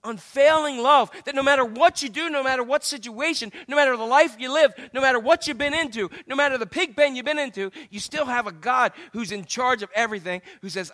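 A man preaching in a church with a high, bright and forceful voice. He keeps the sermon loose and conversational, with jokes and asides to people in the pews. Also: brisk, hardly any pauses. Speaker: pastor. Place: church sanctuary.

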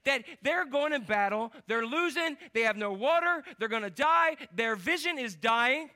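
A man preaching a lively, joking sermon in church and quizzing the congregation. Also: very high voice, normal speed. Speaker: pastor.

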